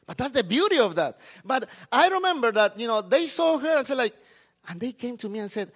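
A middle-aged man, a pastor preaching a sermon in a lively, talkative way. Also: extremely high pitch, fairly quick.

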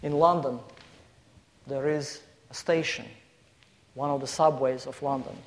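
A man's voice: mid-range voice, fairly even intonation, a little slow. Man preaching in a reverberant church hall. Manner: emphatic, building lists and storytelling. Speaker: guest preacher. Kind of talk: sermon.

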